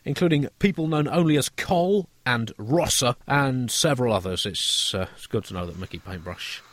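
A man, a podcast co-host telling absurd comic stories in a playful, deadpan way. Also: mid-range voice, normal speed. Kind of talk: comic storytelling.

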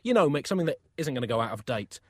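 A man voicing a blustering, short-tempered old pope in a comic story, shouting and exasperated. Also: sits high, huge pitch swings, normal speed, no room sound, studio quality, pitched above the performer's own voice, exaggerated voice. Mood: awkward, hesitant.

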